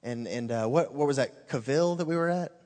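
A man giving an informal, earnest testimony to a church congregation, excitedly urging them on and filling his talk with "man". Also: medium pitch, a little fast, big-room sound.

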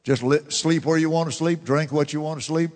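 Fervent high-voiced preacher, reverb. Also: male voice, fairly even intonation, brisk. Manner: fervent preaching, swinging from shouts to hushed murmurs. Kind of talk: sermon. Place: church sanctuary. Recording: long church reverb.

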